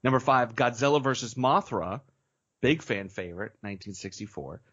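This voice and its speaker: A man's voice: medium pitch, lively intonation, normal speed, a bit bright, dull audio. A man co-hosting a film podcast in a casual, blunt and opinionated way, with frequent sighs. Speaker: podcast co-host.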